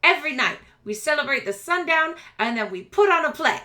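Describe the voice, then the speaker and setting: A woman's voice: sits high, lively intonation, a little fast, pushed and bright, pitched above the performer's own voice. A woman voicing a small, round, showy rat boy who boasts like an eager young performer. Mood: chatty. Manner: boastful, eager showman patter.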